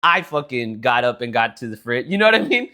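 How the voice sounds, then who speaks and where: A man's voice: medium pitch, big pitch swings, brisk, pushed and bright. Profane young man telling a story. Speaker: podcast co-host. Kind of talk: casual chat.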